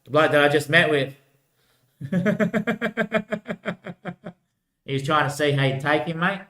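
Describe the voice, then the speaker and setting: A man's voice: on the high side, expressive, slow, fairly bright tone, roomy sound. A man talking in a loose, drifting solo monologue, repeating himself and tossing in "mate" often. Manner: repetitive, keeps saying "mate" and "bloody hell"; loose, drifting talk with frequent laughs. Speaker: vlogger.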